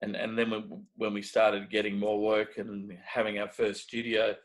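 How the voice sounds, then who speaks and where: A man's voice: lowish voice, moderate pace, rough recording. A middle-aged Australian man being interviewed, telling stories casually and animatedly, often restarting and acting out what others said. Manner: animated, restarts often, acts out quoted dialogue. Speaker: guest, make-up effects artist.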